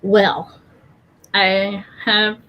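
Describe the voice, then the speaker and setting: A woman's voice: mid-range voice, completely flat delivery, highs cut off. Giggly tipsy Irish woman. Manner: giggly, halting, self-interrupting. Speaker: livestream cohost. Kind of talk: casual livestream chat.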